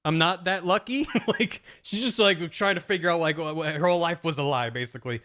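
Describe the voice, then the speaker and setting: Bright-voiced rambling streamer man. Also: fairly high pitch, fast. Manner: rambling and jokey, with frequent restarts and laughs; animated storytelling. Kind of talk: casual plot recap on a live stream.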